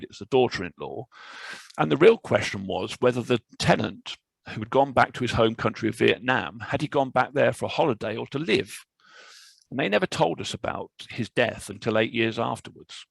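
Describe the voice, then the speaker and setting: Male barrister, low and gravelly, explaining steadily on a webinar call with plenty of "um"s. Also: fairly bright tone, no echo, poor audio. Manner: measured, explanatory, with frequent fillers. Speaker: barrister presenting a legal webinar. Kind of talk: webinar presentation. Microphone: video call microphone.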